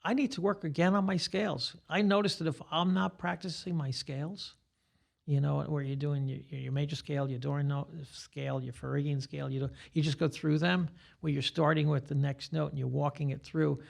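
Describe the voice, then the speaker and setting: A man's voice: fairly high pitch, steady tone, fairly quick, vocal fry. An older man who teaches guitar, giving rambling, teacherly explanations as a guest in a casual podcast interview.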